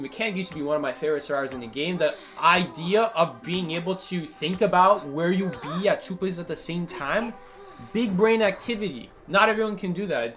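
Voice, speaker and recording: A man commentating his own gameplay live, joking and talking to his chat. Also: a little high. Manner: animated, joking, talks to chat. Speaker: gaming streamer.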